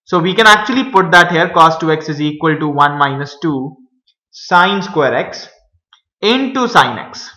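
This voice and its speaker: A man teaching a math lesson, talking viewers through each step with many pauses and fillers. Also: fairly high pitch, expressive, bright, forceful tone, reverberant, rough recording. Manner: hesitant, many fillers, addresses viewers as guys.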